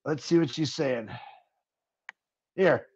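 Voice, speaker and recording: A man's voice: fairly high pitch, slow pace, a little mellow, muffled recording. A man co-hosting a casual live stream, joking and laughing easily. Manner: jokey, laughing, easygoing. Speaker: co-host.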